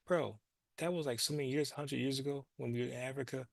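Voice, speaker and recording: Gravelly man hosting a commentary show. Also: mid-range voice, fairly even intonation, brisk, no room sound. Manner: loose, profane, repeats words as he goes. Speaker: show host. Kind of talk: casual commentary monologue.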